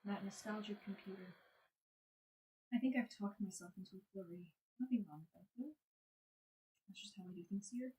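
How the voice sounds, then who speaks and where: A woman's voice: medium pitch, moderate pace, pauses often, warm tone, recorded from a distance, a little hiss or hum. A woman in her twenties chatting casually with her live stream chat, rambling from topic to topic. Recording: roomy sound, away from mic.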